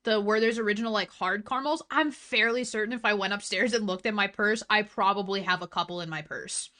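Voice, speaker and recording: A woman's voice: mid-range voice, fairly quick, pushed and bright. A young woman streamer chatting casually with her viewers, blunt and full of swearing. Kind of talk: casual chat stream, reading chat.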